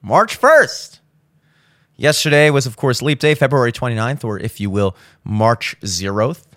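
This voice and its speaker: A hungover young man hosting a podcast, talking casually and profanely, breaking into loud exasperated rants. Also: medium pitch, lively intonation, unhurried, dry recording, clean studio sound. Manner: profane, ranting, swings into loud exasperated outbursts. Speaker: podcast host. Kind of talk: casual monologue.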